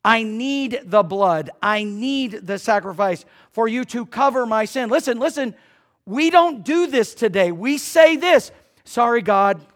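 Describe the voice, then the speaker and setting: A male pastor preaching a conversational sermon who banters with his congregation and swings between loud emphasis and hushed passages. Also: very high-pitched, expressive, a little slow.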